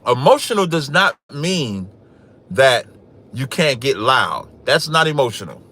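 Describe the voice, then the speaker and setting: Male podcast host, naturally loud and cocky, trash-talks with a sharp, forceful edge and reads scripture aloud. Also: medium pitch, very animated, a little slow, slightly rough. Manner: loud, boastful, trash-talking. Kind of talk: livestream commentary with scripture reading.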